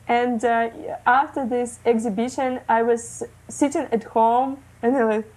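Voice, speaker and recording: Russian-born woman, 30s, non-native English, slightly high, slow and halting, interview guest. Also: flat delivery, darkish tone, poor audio. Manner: hesitant, many fillers, non-native phrasing. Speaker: guest, illustrator. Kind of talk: casual interview talk. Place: living in Germany.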